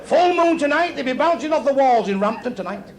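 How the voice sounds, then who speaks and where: A man's voice: extremely high pitch, expressive, fairly quick. A man doing a stand-up routine, telling blunt, crude jokes to a live club audience. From England. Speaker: stand-up comedian. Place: comedy club stage. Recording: live club recording with noisy laughing crowd. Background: audience laughter and chatter.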